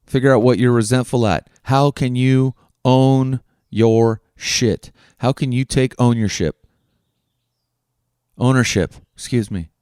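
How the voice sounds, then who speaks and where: A man delivers an earnest self-help monologue as a podcast host, coaching the listener with question after question and swearing casually. His voice is smooth and resonant at an ordinary pitch. The sound is dry and close. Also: steady tone, measured pace, few pauses, dark tone, no room sound.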